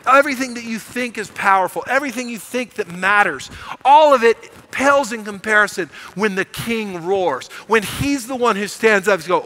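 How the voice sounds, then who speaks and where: A man's voice: high voice, animated, normal speed, bright, forceful tone, low-quality recording. A middle-aged man preaching a sermon as pastor, telling a story with animation and building to emphatic proclamations. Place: church sanctuary.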